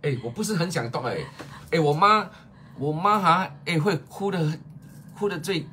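A man's voice: fairly high pitch, expressive, moderate pace, bright, forceful tone, slight background noise. A Singaporean man in his fifties selling on a live stream, chatting casually with playful teasing and exaggerated pleas. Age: 50s. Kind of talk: casual live-sale chat.

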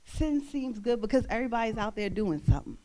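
High-voiced young woman minister preaching. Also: fast talker. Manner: animated, laughing, breaks into singing. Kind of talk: sermon. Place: church.

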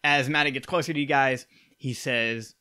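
Bright-voiced male game master. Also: medium pitch, steady tone, moderate pace, smooth. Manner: casual, with many fillers. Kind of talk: narrating a tabletop game.

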